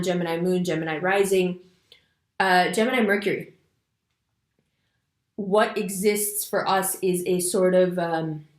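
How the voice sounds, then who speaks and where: A woman talks loosely and casually, slipping into little acted-out quotes as she tells a story. Her delivery is fidgety and full of fillers. The room around her adds a noticeable echo. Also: on the low side. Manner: animated storytelling with voiced quotes. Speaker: astrology video host. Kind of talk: casual spoken monologue.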